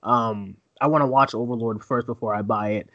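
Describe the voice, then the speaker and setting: A man co-hosting a movie news chat, excitable and swearing freely, full of stammered restarts. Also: medium pitch, fairly quick, dry recording, dull audio. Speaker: co-host of a movie news show.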